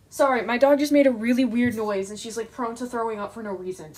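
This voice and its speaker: A woman's voice: on the high side, steady tone, fast talker, hardly any pauses, a little mellow. A young woman streaming from her bedroom, chatting casually to her viewers while she draws, giggling and easily flustered. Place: bedroom at home.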